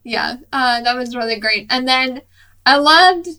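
Bright slow-talking woman gushing about a film. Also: sits high, smooth. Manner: enthusiastic, unhurried, many fillers. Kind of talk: casual film discussion.

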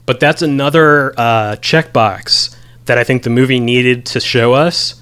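A man's voice: medium pitch, fairly even intonation, a little slow, a bit bright, clear, resonant tone. A man in a casual podcast conversation about a movie, talking with many ums and reading lines from his notes. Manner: rambling, many ums, reads quotes aloud. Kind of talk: casual film discussion.

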